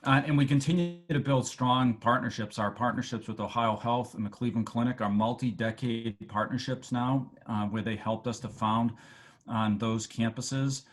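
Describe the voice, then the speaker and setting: A man with a Boston accent giving a halting speech over a video call to alumni, with many fillers and restarts. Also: medium pitch, fairly even intonation. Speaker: medical school dean addressing alumni.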